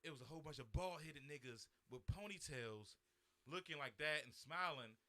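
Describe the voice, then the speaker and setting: A man's voice: on the high side, normal speed. A young man, a podcast co-host, telling a story in casual slang and acting out the people in it. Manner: animated, slangy, acts out the voices of people in his story.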